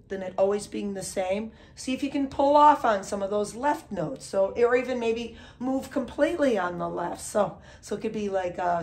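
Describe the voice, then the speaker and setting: A woman teaching drums in a casual way, often checking in with "okay?" and counting beats aloud. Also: a little high. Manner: counts aloud loudly over drumming, says "okay?" often. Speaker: drum teacher. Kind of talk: casual instructional talk. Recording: drums playing under the voice.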